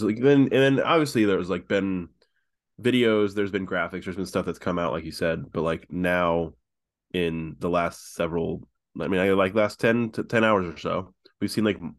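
A man co-hosting a sports podcast in easygoing, halting chat, his voice a little rough from allergies and early morning. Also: low-pitched. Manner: easygoing, hesitant, many fillers. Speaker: podcast co-host.

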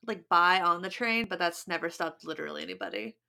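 A woman's voice: lowish voice, fairly quick, vocal fry, sharp tone, clean tone. A woman co-hosting a podcast, giving practical tips in a casual, chatty way with plenty of fillers and restarts. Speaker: podcast co-host. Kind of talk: casual chat.

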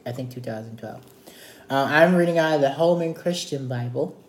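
A man's voice: medium pitch, normal speed, roomy sound. A man leading a casual Bible study, retelling scripture in a chatty, playful way. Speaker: Bible teacher.

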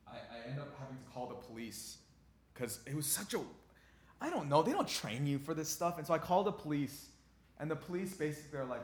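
A man's voice: a little high, big pitch swings, fairly quick. A man, a pastor, telling a personal story in a sermon in an earnest, conversational and emotionally charged way. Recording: very echoey large room.

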